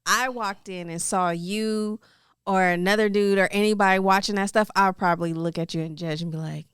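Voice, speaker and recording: A woman's voice: mid-range voice, fairly even intonation, normal speed, clean tone, no room sound, clean studio sound. A woman guesting on a podcast, chatting candidly in loose, trailing phrases with giggles. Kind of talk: casual chat.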